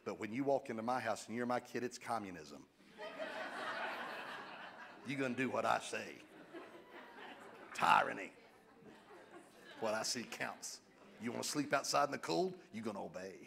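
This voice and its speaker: Middle-aged male pastor, lively joking preacher, bursts of loud emphasis. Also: mid-range voice, normal speed, vocal fry, long pauses, a crowd in the background. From United States. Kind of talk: sermon.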